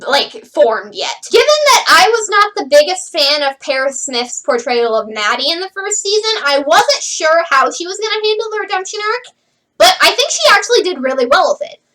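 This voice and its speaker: A woman reviewing a show in a casual, sarcastic way, her high voice swooping up and down as she goes. She has a bright, sharp tone and keeps dropping "like" into her sentences. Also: big pitch swings, normal speed, rough recording. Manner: chatty, sarcastic, lots of "like" fillers. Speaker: host reviewing a TV series.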